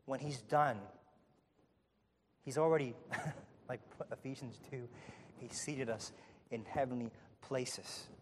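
A man preaching a sermon to his congregation, building to loud emphatic peaks with repeated phrases, then dropping low and quiet. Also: steady tone, takes it slowly, pauses often, big-room sound, a little hiss or hum. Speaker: pastor.

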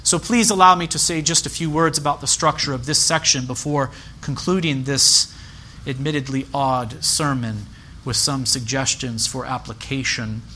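A man preaching a sermon as pastor, measured and emphatic, repeating key phrases. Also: medium pitch, fairly even intonation, pushed and bright, slight background noise.

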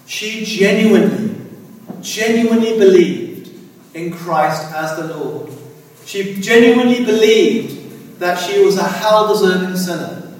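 A man preaching a sermon, slow and halting, often saying "as it were" and "dear friends". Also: high-pitched, expressive. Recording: echoey hall from far off.

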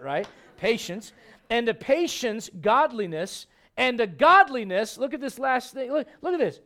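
A high-pitched male pastor preaches in a church sanctuary. He keeps tossing rhetorical questions to the congregation and checks they are following along. The delivery is a lively sermon.

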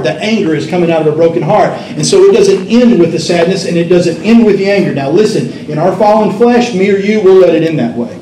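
Man, preacher, sermon, impassioned, rhetorical questions, high voice, roomy echo. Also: a little mellow, a little hiss or hum. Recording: roomy echo from a distant mic.

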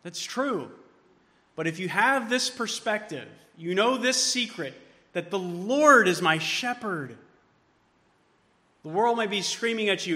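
A man preaching a sermon as pastor, moving from hushed, tender passages to loud, emphatic ones. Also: sits high, expressive, a little slow, long pauses. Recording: long hall reverb.

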